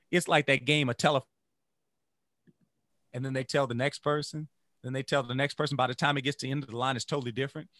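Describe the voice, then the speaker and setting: A man who teaches music, giving an energetic motivational talk to teachers and chanting phrases in rhythm. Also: a little high, dry recording, studio quality. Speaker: music educator.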